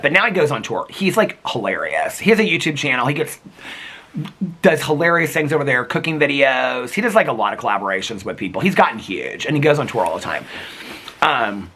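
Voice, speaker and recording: A man chats to his vlog audience, rambling through a story with constant fillers and easy laughter. His voice swoops lively up and down and has a bright, slightly husky tone. It sounds recorded casually outdoors. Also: medium pitch. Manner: chatty and rambling, many fillers, frequent laughter, squeals. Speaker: vlogger.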